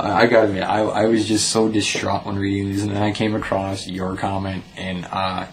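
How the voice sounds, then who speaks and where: Low gravelly blunt-talking man. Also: flat delivery, normal speed, a little hiss or hum, rough recording. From United States. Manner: blunt and profane, swears at commenters; stumbling restarts. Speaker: vlogger reading viewer comments. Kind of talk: angry commentary vlog.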